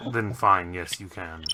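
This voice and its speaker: A man playing a tabletop game, blunt and gruff when in character. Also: sits low, slow, crowd noise. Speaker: player. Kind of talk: casual tabletop play.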